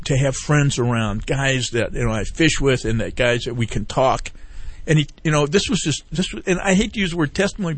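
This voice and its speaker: There's no room sound around this man's mid-range voice. He's a veteran on a laid-back talk-radio interview, plugging a fishing group while he wanders through long tales, retelling what others told him and returning to earlier points.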